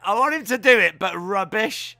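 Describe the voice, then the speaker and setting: A man giving jokey live reactions while watching a wrestling show, now and then letting out sudden loud yells. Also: high voice, animated, moderate pace, gravelly, heavy background noise. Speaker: wrestling watch-along streamer.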